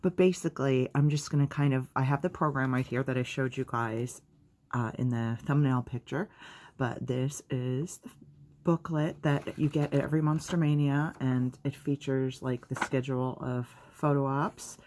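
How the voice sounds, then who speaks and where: A woman's voice: a bass voice, normal speed, a little mellow. Chatty upbeat woman vlogger. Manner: chatty and upbeat, with lots of fillers and asides. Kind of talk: casual vlog recap.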